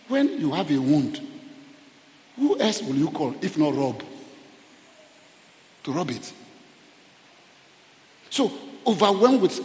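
A man preaching a sermon, pleading with his congregation in an animated way. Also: high voice. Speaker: pastor. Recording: echoey hall reverb.

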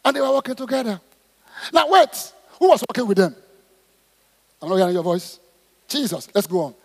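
Preacher guy, high husky voice bouncing all over, big echoey church hall. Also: a little fast. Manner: animated, swings between shouting and soft asides, calls for congregation responses. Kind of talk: sermon, reading and expounding scripture. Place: church auditorium. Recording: long hall reverb in church auditorium.

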